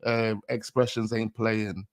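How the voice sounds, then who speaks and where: A man hosting a casual reaction show, excitable and full of street slang. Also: fairly low pitch, takes it slowly, very noisy. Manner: excitable, heavy street slang, breaks into laughter. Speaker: host reacting to a rap video.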